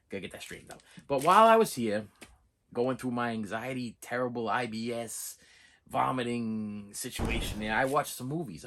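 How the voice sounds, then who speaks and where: Against a noisy background, a middle-aged man with a mid-range voice rambles on to camera as a movie-collector vlogger. His long personal story is animated and casual, and he repeats himself and restarts sentences.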